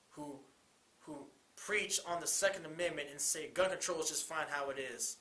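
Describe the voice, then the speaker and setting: A man's voice: a little high, sharp tone, roomy sound, a little hiss or hum. A young man co-hosting a college talk show, speaking with urgent, repetitive passion and pleading questions. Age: young adult. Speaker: co-host. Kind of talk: impassioned commentary.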